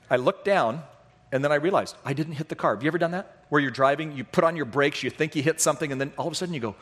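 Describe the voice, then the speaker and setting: Storytelling pastor in a reverberant church. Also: male voice, medium pitch. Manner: animated, self-deprecating, acts out voices in his stories. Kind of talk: storytelling sermon. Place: church sanctuary. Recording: long hall reverb.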